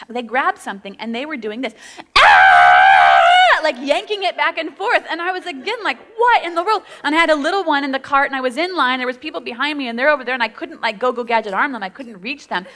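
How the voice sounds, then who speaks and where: Woman pastor, high and sparkling, animated storyteller, recorded in a church hall with a long echo. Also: a little hiss or hum. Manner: animated, laughing, acts out quotes. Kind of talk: storytelling sermon.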